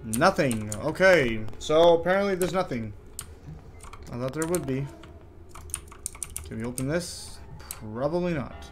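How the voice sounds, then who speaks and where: A man doing horror game commentary, jittery, chattering to himself and quick to panic. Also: a little high, expressive, a little hiss or hum. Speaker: gaming YouTuber.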